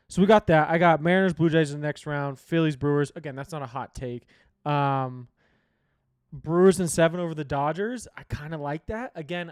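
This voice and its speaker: A man's voice: a little high, clean tone. A young man hosting a sports show, giving rambling, opinionated and profane picks in casual chat. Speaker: sports podcast host.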